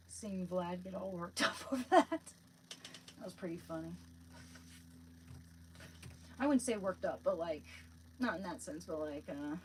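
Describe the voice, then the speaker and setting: A woman's voice: mid-range voice, slight background noise, rough recording. A woman live streaming, chatting casually with viewers in a rambling, hesitant way, often searching for words.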